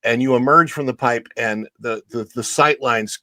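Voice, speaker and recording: A man who is a guest on a theme park show, talking in a halting, emotional way with many restarts. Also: mid-range voice, pushed and bright, no room sound. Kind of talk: casual chat.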